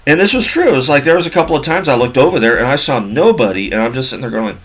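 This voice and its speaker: A man's voice: mid-range voice, lively intonation, fast talker, a bit bright. A man in his forties telling a casual story from work in a rambling way, with many fillers and repeats. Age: 40s.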